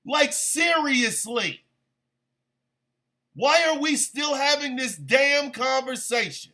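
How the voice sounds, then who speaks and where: High-voiced man in a slow, profane rant. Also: lively intonation, pushed and bright. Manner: profane, exasperated and sarcastic. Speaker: radio stream host. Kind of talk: heated political rant.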